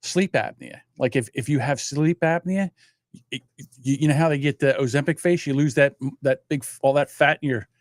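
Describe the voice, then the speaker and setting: A man's voice: fairly high pitch, moderate pace, dry recording, clean studio sound. A man in his sixties hosting a livestream, telling rambling stories in casual chat and swearing freely. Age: 60s. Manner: profane, rambling storyteller. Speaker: livestream host.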